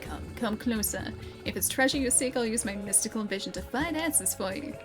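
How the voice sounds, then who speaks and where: A woman's voice: on the high side, lively intonation, fairly quick, music in the background, natural voice. A woman with an Australian accent reading the lines of a goofy older male fortune teller from a game, with theatrical, mystical phrasing.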